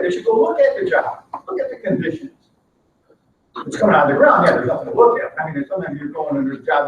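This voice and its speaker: A man's voice: high voice, slight background noise. A man giving a seminar lecture on management, punchy and emphatic, often asking the room questions. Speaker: management trainer. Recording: roomy, distant, dull lo-fi sound.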